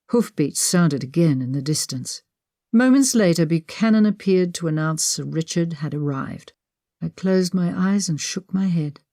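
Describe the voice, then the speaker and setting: Female audiobook narrator, low-pitched, measured first-person storytelling, dry studio sound. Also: mellow, dry recording.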